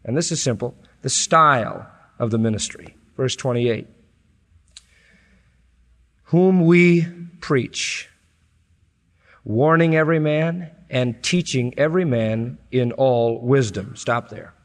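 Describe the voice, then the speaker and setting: A male preacher delivering a sermon, reading scripture slowly and building to loud, high-pitched emphasis before dropping back low. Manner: emphatic, rising sharply in pitch and volume at climaxes, then dropping low and slow; reads scripture aloud with drawn-out, deliberate phrasing. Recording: long hall reverb.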